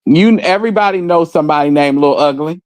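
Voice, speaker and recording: Fast-talking with a fairly high pitch, this podcast co-host of a casual gossip stream is blunt and joking, reading out viewer comments in street slang. The recording is dry.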